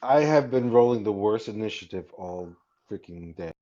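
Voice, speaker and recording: A man's voice: lowish voice, expressive, normal speed, dark tone. A man at a tabletop game grumbles his way through the session with wry asides. His voice comes through muffled and lo-fi. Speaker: player. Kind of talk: casual tabletop game chat. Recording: dull, lo-fi mic.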